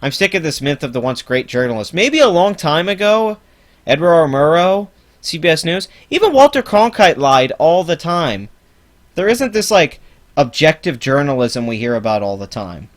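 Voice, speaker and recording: A man's voice: fairly high pitch, very animated, normal speed. A man hosting a live-stream reaction, ranting sarcastically with heavy swearing. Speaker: channel host.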